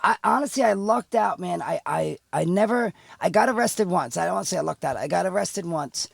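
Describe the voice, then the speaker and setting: A man's voice: high-pitched, lively intonation, a little fast, vocal fry, no echo, studio quality. A middle-aged man talking as a podcast guest, telling a candid story in a rambling way with many restarts. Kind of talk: casual storytelling chat.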